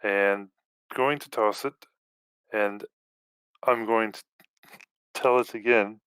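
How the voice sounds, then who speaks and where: A man playing a tabletop game, describing his moves in a deliberate, easygoing way. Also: fairly low pitch, fairly even intonation, a bit bright, clean tone, dry recording. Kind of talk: casual game chat.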